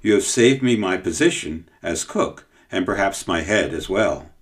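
A man's voice: low-pitched, animated, moderate pace. A man voicing a fat, anxious royal cook who talks eagerly and pleads in a raised voice.

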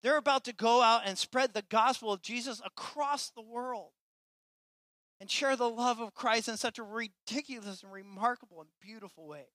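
A man preaching a sermon to his church with passion, swinging between loud, emphatic lines and quiet, hushed ones. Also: very high-pitched, moderate pace, dry recording. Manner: impassioned, swinging from loud to soft. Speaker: pastor.

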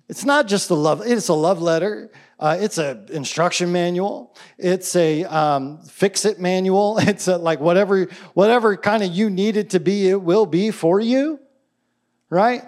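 A man preaching a sermon in a casual, enthusiastic way, with quick asides and restarts. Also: sits high, darkish tone. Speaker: pastor.

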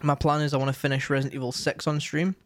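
A man's voice: on the high side, level tone, quick pace, dry recording, studio quality. A young man chatting casually as a streamer, rambling with lots of fillers and restarts. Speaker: streamer and co-host. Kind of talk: casual chat.

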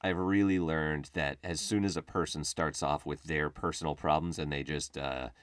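A man with a very low voice rants through a casual comic monologue, sarcastic and freely profane. The sound is dry and close, with no room echo. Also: fairly even intonation, moderate pace. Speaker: podcast host.

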